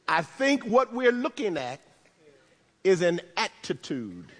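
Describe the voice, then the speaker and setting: A man preaching a sermon as pastor, in a conversational style with humorous asides, swinging between loud emphasis and hushed tones. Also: high voice, sing-song, slow pace, noisy background. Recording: long reverb of a large hall.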